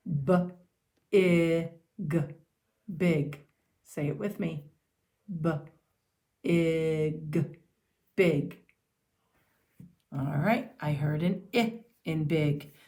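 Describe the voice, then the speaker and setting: A woman teaching young children to sound out and write simple words, speaking slowly and clearly. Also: deep voice, darkish tone. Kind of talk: early-reader phonics and handwriting lesson.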